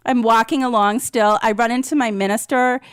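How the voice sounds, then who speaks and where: A woman co-host chatting casually and telling an animated story, acting out her own reactions. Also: on the high side, a little fast, clean tone, dry recording, clean studio sound. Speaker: podcast co-host. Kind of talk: casual chat.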